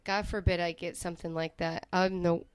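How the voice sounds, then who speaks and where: A woman's voice: fairly low pitch, level tone, normal speed, slight background noise. A woman co-hosting a podcast in casual chat, rambling and trailing off mid-thought. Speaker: podcast co-host.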